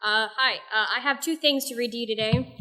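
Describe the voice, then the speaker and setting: Young woman, higher voice, soft-spoken, intense reading of her own poems at an open mic. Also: fairly quick, heavy background noise. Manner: soft-spoken and self-deprecating, reads intensely from a screen. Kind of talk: reading her own poetry and prose aloud. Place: small venue at an open mic night.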